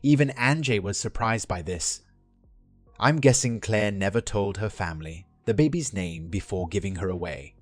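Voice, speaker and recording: A man's voice: lowish voice, expressive, normal speed, no room sound, soft background music. Man narrating a dramatic story. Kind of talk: scripted narration of a first-person online story.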